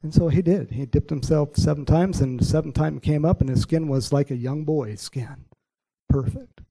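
A man preaching a sermon, acting out a Bible story with voices for the characters and chuckling often, then praying softly, at times in a whisper. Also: a little high, normal speed, vocal fry, no echo, low-quality recording. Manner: prays softly, sometimes in a whisper. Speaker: pastor.

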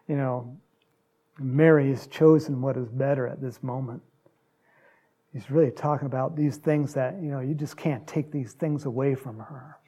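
A man's voice: mid-range voice, fairly even intonation, unhurried, mellow, slightly rough. A man preaching an informal, conversational sermon, with frequent fillers. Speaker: pastor.

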